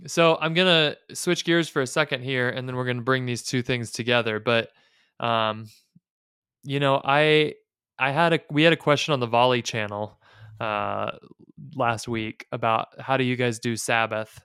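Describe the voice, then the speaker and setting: Smooth-voiced man chatting on a podcast. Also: medium pitch, steady tone, bright, forceful tone, dry recording, studio quality. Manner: chatty, quick asides and jokes. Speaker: podcast co-host. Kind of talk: casual chat.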